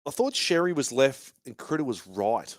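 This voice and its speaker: A man's voice: medium pitch, very animated, moderate pace, no echo, clean studio sound. A man hosting a fan live stream from a bar, giving casual, sweary match commentary and banter.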